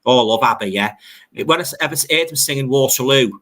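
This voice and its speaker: A man's voice: medium pitch, fast talker, a bit bright. An older man from Liverpool with a Scouse accent, hosting a casual livestream chat and reading out viewer comments, repeating phrases as he talks. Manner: chatty, repeats phrases and fillers. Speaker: livestream host.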